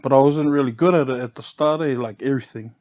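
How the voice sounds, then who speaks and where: A man's voice: mid-range voice, fast talker. Middle-aged New Zealand man, easygoing storyteller, chuckles a lot, tags lines with "eh", guest on a chat podcast. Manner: relaxed, laughs often, ends phrases with "eh". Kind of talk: casual storytelling interview.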